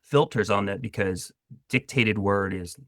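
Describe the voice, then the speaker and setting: A man's voice: lowish voice, a little slow, fairly bright tone, dry recording, clean studio sound. A man hosting an interview, enthusiastically putting forward ideas and asking his guest questions. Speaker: podcast host. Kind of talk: conversational interview.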